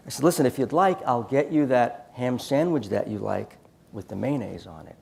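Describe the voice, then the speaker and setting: Man, gravelly voice, conference speaker, animated storytelling, acts out dialogue. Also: mid-range voice, moderate pace. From United States. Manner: animated anecdotes with quoted dialogue. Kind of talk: storytelling talk.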